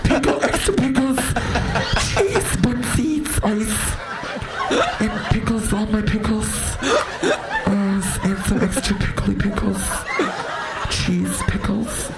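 A man voicing a mumbling, indecisive woman ordering at a drive-thru, halting and stammering in a stand-up bit. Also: sits high, sing-song, reverberant, very noisy, pitched above the performer's own voice, full character voice. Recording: live stand-up with roaring crowd.

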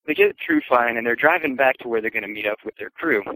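A man casually telling a long anecdote, chatty and relaxed, acting out the voices of the people in it. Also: mid-range voice, fast, dry recording, low-quality recording. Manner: relaxed, chatty, acts out quoted voices, chuckles. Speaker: storyteller. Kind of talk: casual podcast storytelling.

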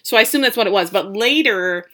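A woman's voice: mid-range voice, animated, fast talker, fairly bright tone. A woman co-hosting a podcast, chatting through a scene recap with asides. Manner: chatty, thinking aloud with asides. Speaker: podcast co-host. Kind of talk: casual recap chat.

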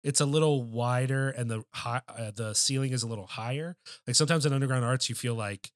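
This male co-host chats casually on a podcast, delivering a loose, swear-laden story with many filler words. His mid-range voice moves a little fast, and the studio-quality sound has no echo.

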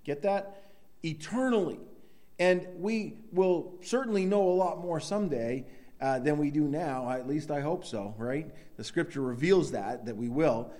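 A man's voice: on the high side, measured pace, mellow. A middle-aged man preaching a sermon in a loose, conversational way, with many restarts and sudden emphatic bursts. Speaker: pastor.

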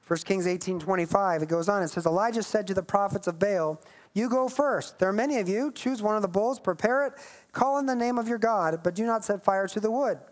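A woman's voice: medium pitch, brisk. A woman preaching a sermon, reading scripture aloud and breaking into emphatic, playful asides.

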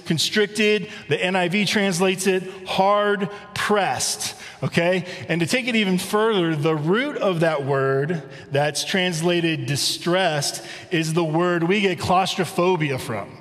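A man's voice: fairly high pitch, fairly bright tone. Man preaching in a reverberant church. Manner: conversational preaching, rhetorical questions, reads scripture slowly. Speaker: pastor. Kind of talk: sermon. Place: church sanctuary.

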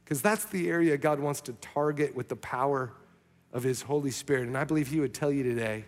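A young adult male pastor preaching a sermon, telling a personal story in an earnest, animated way. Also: mid-range voice, a little fast. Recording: long reverb of a large hall.

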